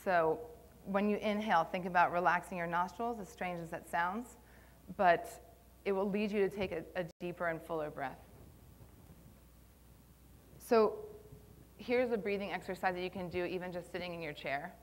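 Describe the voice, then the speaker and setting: In a conference room, a young woman talks live about posture and Pilates, her fairly low voice moving at normal speed with many pauses. Her delivery is casual and a touch anxious, peppered with ums.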